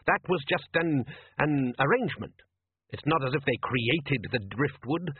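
A man's voice: mid-range voice, lively intonation, unhurried, breathy edge, no room sound, voice pushed up. A man voicing a stubborn, grumbling middle-aged father who blusters indignantly, in an audiobook. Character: grumpy stubborn raft-going father, male, middle-aged. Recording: tinny lo-fi dry recording.

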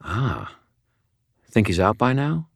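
Brief: sardonic, joking wizard guy for an audiobook, somewhat raised from a deep base, read by a male narrator. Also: sing-song, slow, vocal fry, no room sound, studio quality, full character voice. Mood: wry. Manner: sardonic, joking, a little whiny. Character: wry battered male wizard, wisecracking. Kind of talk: audiobook character voice.

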